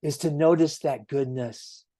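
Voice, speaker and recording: A man giving a gentle, earnest sermon as a minister, telling stories at an easy pace with emphatic swells. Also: a little high, a little slow, dry recording, studio quality. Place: church sanctuary.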